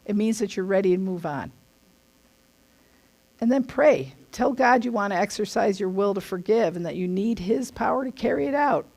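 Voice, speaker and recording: A woman's voice: mid-range voice, animated, moderate pace, darkish tone. A middle-aged woman giving a casual spoken teaching, earnest and emphatic in a conversational way.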